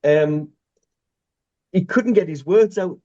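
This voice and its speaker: A man chatting on a podcast, halting and quick to laugh. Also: sits high, warm tone, lo-fi sound. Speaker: podcast co-host. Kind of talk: casual chat.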